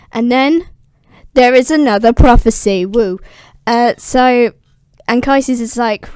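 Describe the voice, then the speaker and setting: Young woman explaining old myths all slangy and sweary, clear highish voice, dry sound. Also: slow, a little mellow, no echo. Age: young adult. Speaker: classics explainer. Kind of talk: casual video explainer.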